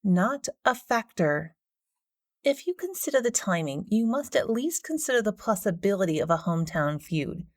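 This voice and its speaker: A woman's voice: mid-range voice, sing-song, moderate pace, no room sound, studio quality, close to an everyday voice. A woman putting on a smarmy know-it-all investigator. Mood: smug. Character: smug pushy female paranormal investigator.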